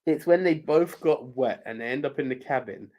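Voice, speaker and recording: A man, co-hosting a podcast and rambling about a film with halting restarts. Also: mid-range voice, warm tone, dull audio. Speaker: podcast co-host. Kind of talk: casual chat, film review.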